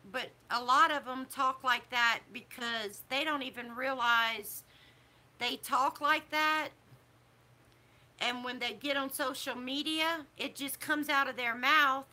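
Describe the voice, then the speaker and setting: Middle-aged woman vlogger, slightly high voice, preachy and disapproving. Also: sharp tone. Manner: disapproving, preachy, drawn-out emphatic phrasing. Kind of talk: casual opinion talk to camera.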